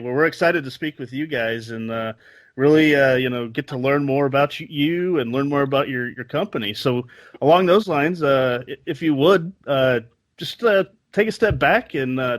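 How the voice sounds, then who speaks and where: A man hosting a podcast, friendly and quick to laugh, with folksy greetings. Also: fairly high pitch, dry recording. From Texas. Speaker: podcast host. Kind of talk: casual chat and host reads.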